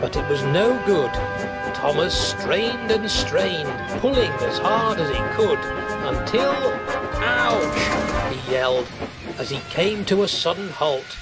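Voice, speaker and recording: A man narrating a children's storybook tale in a steady storytelling manner. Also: a little high, unhurried. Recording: loud background music.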